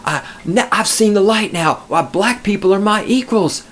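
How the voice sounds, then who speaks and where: A man's voice: high-pitched, normal speed, a bit bright, slight background noise, pitched above the performer's own voice. A man mocking a bigoted Southern drawler. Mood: gushing.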